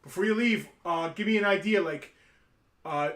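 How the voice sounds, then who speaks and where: A man's voice: high voice, moderate pace, a bit bright. A man chatting casually on a store livestream, making offhand, joking remarks. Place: toy store, indoors. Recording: roomy echo.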